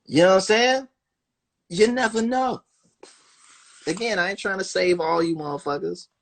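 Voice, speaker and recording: A man talking casually on a phone livestream, animated and profane, acting out other people's voices as he goes. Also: sits high, fast talker, gravelly. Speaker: livestream host.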